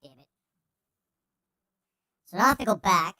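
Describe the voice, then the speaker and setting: A woman streaming a video game, chatting casually and excitably and swearing freely as she plays. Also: medium pitch, moderate pace. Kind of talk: casual gameplay commentary.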